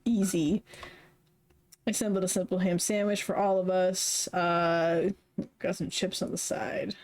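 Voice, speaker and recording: A young woman streamer reading a story game aloud, chatty and quick to laugh between lines. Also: lowish voice, little pitch movement, a little mellow. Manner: chatty, laughs often, reads narration then comments. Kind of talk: reading a visual novel aloud with commentary.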